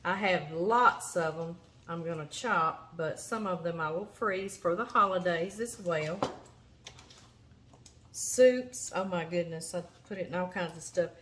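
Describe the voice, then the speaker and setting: Her lowish, slightly bright voice is unhurried. A Louisiana-accented woman hosts a cooking show from her kitchen, chatting folksily and talking to the vegetables as she works the knife over a backdrop of chopping and kitchen noise.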